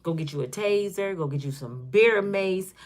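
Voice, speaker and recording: A woman in her fifties hosts her own channel, delivering casual commentary in a vlog. Her voice is mid-range and expressive at a normal speed. She jokes around and acts out little scenes as she talks.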